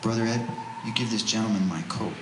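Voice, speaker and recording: A man voicing a kind, humble homeless man who speaks softly and earnestly, in a roomy hall. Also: fairly low pitch, fast, natural voice. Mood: gentle. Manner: soft, earnest. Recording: roomy hall with faint noise.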